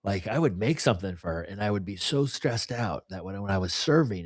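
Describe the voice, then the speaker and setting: A middle-aged man with a lowish voice speaks openly and confessionally on a casual podcast. He rambles, leaning on "you know" and "right?". The sound is dry and close, with no room echo. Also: animated, brisk, hardly any pauses, husky. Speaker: podcast co-host.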